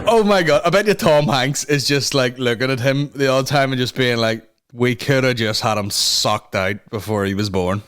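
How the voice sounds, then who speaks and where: A man's voice: mid-range voice, moderate pace, few pauses, clean tone. A man hosting a solo comedy podcast, swearing freely and breaking into mimicked voices. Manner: profane, excitable, mimics voices mid-story. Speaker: podcast host.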